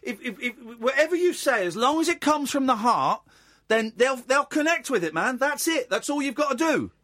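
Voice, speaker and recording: Excitable high-voiced radio host. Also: male voice, normal speed, no echo, clean studio sound. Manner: excitable, playful, stammers and repeats. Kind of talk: late-night talk radio chat. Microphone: studio microphone.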